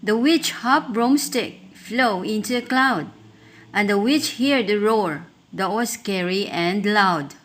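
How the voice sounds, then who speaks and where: A woman reading a rhyming picture book aloud, rhythmic and expressive. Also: mid-range voice, slow. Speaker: storyteller.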